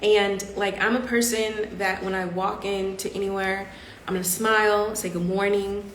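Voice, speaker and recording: A woman, chatting casually on a live stream. Her voice is neither high nor low, and she is expressive and laughs often. The audio carries a roomy echo over a faint hum. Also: moderate pace. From Southern United States. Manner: chatty and expressive, laughs often, acts out other people's lines. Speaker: podcast host. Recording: echoey room with faint background hum.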